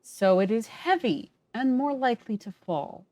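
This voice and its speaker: Woman doing Six, a stiff deadpan robot servant. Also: on the high side, normal speed, voice pushed up, close to an everyday voice. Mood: cautious. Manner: stiff, dutiful, cautious.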